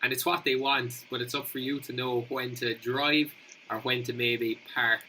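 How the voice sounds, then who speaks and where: Man, podcast host, bright voice, agreeable, chatty. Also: medium pitch, little pitch movement, moderate pace, slight background noise, poor audio. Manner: agreeable, laughs easily, asks open questions. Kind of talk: casual podcast interview.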